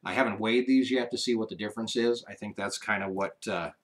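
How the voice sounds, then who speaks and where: A man's voice: on the low side, fairly quick. A man co-hosting a live ranch chat show, talking casually and rambling with fillers. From Wyoming. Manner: rambling, relaxed, trails off with fillers.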